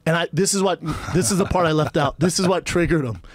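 Lively man telling a story in a dry studio. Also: on the high side, fast talker, dry recording. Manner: animated storyteller, acting out quoted exchanges. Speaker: podcast guest. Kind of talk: storytelling in casual podcast chat.

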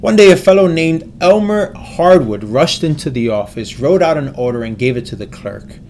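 A man reading a story aloud in a steady way, with small slips and restarts. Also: a little high, normal speed, slight background noise.

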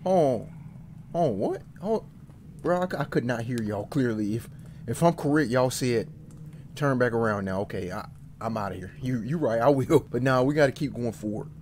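A man streaming a horror game, jittery, talking back to it and insisting he is not scared, swinging between loud outbursts and low muttering. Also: expressive, normal speed, a little hiss or hum. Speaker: gaming streamer.

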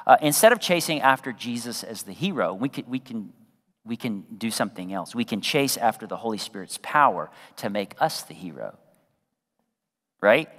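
A man preaching a sermon as pastor, talking conversationally to the congregation, throwing in asides and acting out quotes, sometimes dropping to a soft hush. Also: on the low side, lively intonation, normal speed, long reverb tail. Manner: drops to a soft, hushed voice for quoted prayerful words.

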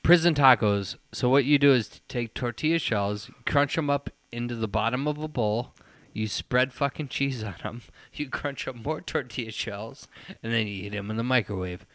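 Bright, crisp-voiced man telling rowdy stories. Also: mid-range voice, normal speed, no echo. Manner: profane, rowdy, mimics voices in anecdotes. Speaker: podcast co-host. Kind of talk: casual storytelling chat.

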